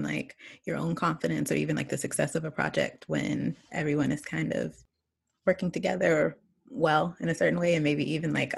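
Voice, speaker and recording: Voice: medium pitch, vocal fry, husky. A podcast host asking friendly, hesitant interview questions full of fillers.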